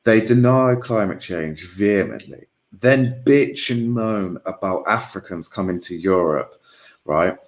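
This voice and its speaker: A man's voice: deep voice, expressive, measured pace. A man in casual political chat as a guest, rambling, swearing a lot and losing his train of thought. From Britain.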